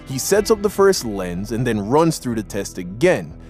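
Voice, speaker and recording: Lively slangy male storyteller. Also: medium pitch, moderate pace, faint music behind. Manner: casual slangy street talk, acts out the people in his story. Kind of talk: animated storytime narration.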